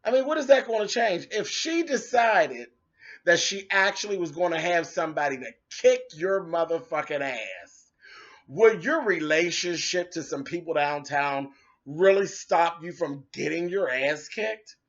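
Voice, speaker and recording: Sassy high-voiced man ranting, lo-fi. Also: lively intonation, measured pace, a bit bright. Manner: sassy, cutting, dramatic asides. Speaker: commentator. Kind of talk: casual rant video. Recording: dull lo-fi recording.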